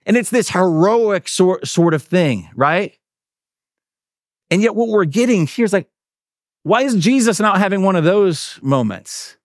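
A pastor with an expressive voice preaches at a measured pace, keeping his sermon conversational with fillers and tag questions and acting out quotes through big pitch swings. It's studio-quality sound with no room ambience.

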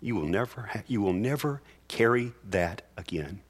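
Low-voiced man preaching a sermon. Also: animated, slightly rough. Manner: earnest preaching, reads scripture aloud with slow emphatic phrases. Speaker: pastor. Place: church.

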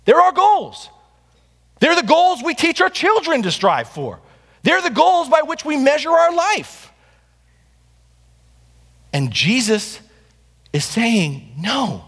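A man's voice: extremely high pitch, wildly swooping pitch, slow, pauses often, a bit bright. A man preaching a sermon to his church, driving points home with rhetorical questions and repetition. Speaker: pastor. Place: church sanctuary. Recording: long reverb of a hall.

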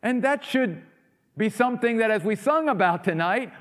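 A man preaching a sermon, rising to loud emphatic peaks and dropping to quiet asides. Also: high-pitched, lively intonation, normal speed. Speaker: pastor. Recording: long hall reverb.

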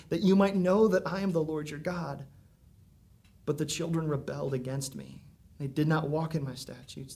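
A man preaching a sermon in an earnest, conversational way, with dramatic pauses and emphasis. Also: fairly high pitch, darkish tone. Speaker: pastor. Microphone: recorded for viewers at home.

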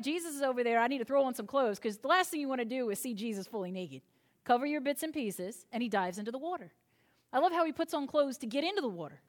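A woman's voice: sits high, fairly bright tone. A woman pastor giving a sermon, telling a story with humor and acting out its voices.

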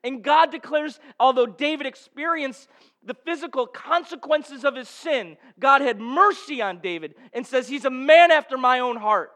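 A male pastor preaching a sermon, passionate and emphatic, moving between forceful calls and quiet storytelling. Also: very high-pitched, lively intonation, normal speed. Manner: impassioned, building to shouts then dropping to hushed storytelling.

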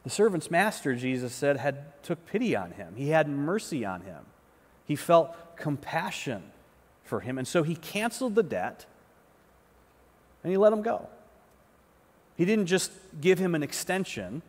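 A man's voice: a little high, big pitch swings, a little slow, long pauses. Man preaching in a reverberant hall. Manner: conversational preaching, repeats words, often asks "right?". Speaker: pastor. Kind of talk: sermon. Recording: long reverb of a large hall.

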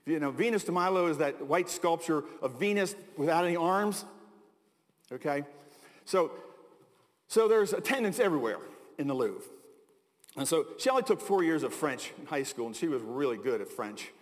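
A middle-aged American pastor with a high voice tells stories as he preaches, chatty and full of asides. His words ring out with a long reverb from the large hall. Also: animated, normal speed. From United States. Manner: conversational storytelling with asides and chuckles. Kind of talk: sermon.

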